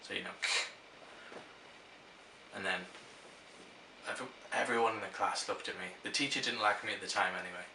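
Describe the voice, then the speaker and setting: A young man talks casually to the camera, rambling through his answers and stories and often restarting his sentences. His voice sits a little low but sounds bright and forceful. It is recorded from a distance in an echoey room. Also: a little fast, long pauses, a little hiss or hum. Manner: rambling, storytelling, self-interrupting. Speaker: vlogger answering question prompts.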